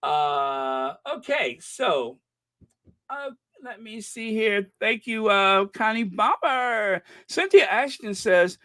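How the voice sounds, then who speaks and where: A man's voice: high-pitched, sing-song, slow, fairly bright tone. Chatty American man hosting a livestream. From United States. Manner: chatty, rambling, reads viewer comments aloud. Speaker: livestream host. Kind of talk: casual livestream chat.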